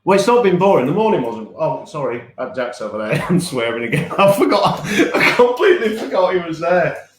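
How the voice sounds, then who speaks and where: A man's voice: on the high side, big pitch swings, fairly quick, slight background noise. Rambling, chatty man in an echoey room. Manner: chatty, rambling, laughs at himself. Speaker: podcast co-host. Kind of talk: casual live-stream chat.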